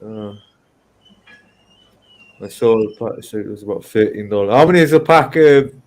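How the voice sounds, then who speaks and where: A man's voice: lowish voice, expressive, moderate pace, a little mellow. A man chatting casually on a livestream, thinking aloud with hesitant fillers. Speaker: guest. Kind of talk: casual chat.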